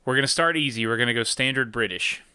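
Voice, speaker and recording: A man's voice: mid-range voice, sharp tone, clean tone. A man co-hosting a podcast over a remote call, joking and teasing his friends in casual banter. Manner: joking, quick to tease, steers the talk. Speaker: podcast co-host. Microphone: remote call setup.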